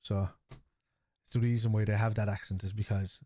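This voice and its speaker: A man's voice: on the low side, little pitch movement, moderate pace, mellow. A man hosting a live fan watchalong, reading out and answering viewer chat in a blunt, casual way, swearing freely. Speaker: fan channel host.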